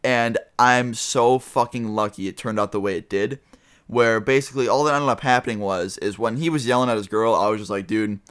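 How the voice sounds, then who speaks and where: A man's voice: on the low side, a little fast, a bit bright, smooth. A young man telling a casual storytime vlog, rambling with lots of fillers and swearing. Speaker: vlogger.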